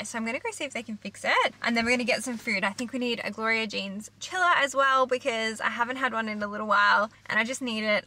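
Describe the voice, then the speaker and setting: A woman's voice: a little high, pushed and bright. A young woman with an Australian accent, chatting casually to a handheld camera as a vlogger and swearing freely in rambling asides. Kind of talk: casual vlog talk to camera.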